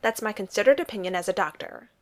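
A woman reading a deadpan male scientist. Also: medium pitch, fast, close to an everyday voice. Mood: dry. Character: dry-witted male scientist.

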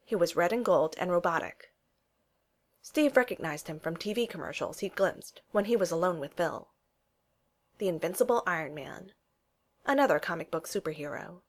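A woman reading a children's storybook aloud, animated and changing her voice for the dialogue. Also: lowish voice, moderate pace. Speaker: narrator.

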